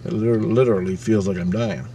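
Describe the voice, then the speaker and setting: A man's voice: fairly low pitch, fairly even intonation, fast talker, slight background noise. Man swearing through a frantic personal story. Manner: swears freely, acts out his own past thoughts with sudden loud and quiet swings. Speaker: channel host recounting a personal experience. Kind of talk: casual spoken storytelling.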